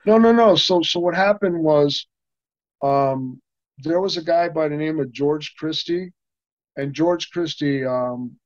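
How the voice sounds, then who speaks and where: A man's voice: a little high, a little slow, no echo. An older man talks through a long story, with a lot of false starts. He slips into other people's lines as he goes. The sound is dry and a little muffled. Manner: rambling, many restarts, acts out quoted dialogue. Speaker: interview guest, stuntman. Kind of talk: casual anecdotal storytelling.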